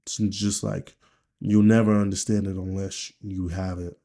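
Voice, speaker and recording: A man from Nigeria speaks straight to camera in a personal video diary. His voice sits low and mellow, and he talks in a candid, rambling way laced with swearing. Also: flat delivery, measured pace, creaky. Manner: candid, profane, rambling talk. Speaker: vlogger.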